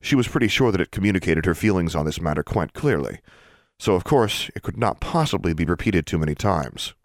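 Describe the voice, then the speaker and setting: Deep-voiced man narrating a story. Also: lively intonation, brisk, dry recording, clean studio sound. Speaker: audiobook narrator. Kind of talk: scripted narration.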